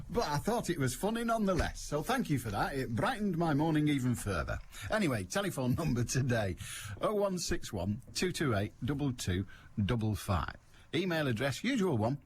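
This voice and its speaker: Male phone-in host, self-mocking ramble, very animated delivery. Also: mid-range voice, a little hiss or hum. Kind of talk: casual chat on air. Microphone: studio mic.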